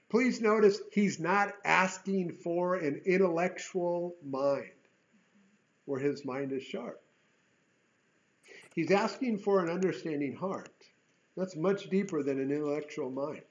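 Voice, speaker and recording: A man's voice: sits high, lo-fi sound. A man preaching a sermon, earnest, repeating words and rising into emphatic bursts. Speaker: pastor.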